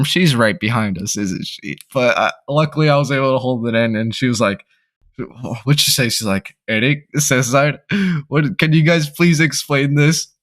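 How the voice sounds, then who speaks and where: A young man telling a story time, rambling and chuckling as he goes. He often restarts his sentences, and his voice sits at an ordinary middle pitch. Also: a bit bright. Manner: rambling, laughing, many restarts. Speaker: vlogger.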